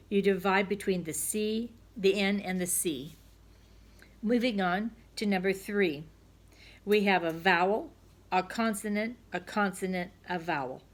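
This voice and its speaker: A middle-aged woman teacher talks young children through a phonics worksheet. She is patient and homey, unhurried, and keeps checking in with a soft "okay?" as she goes. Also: medium pitch. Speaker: second-grade teacher.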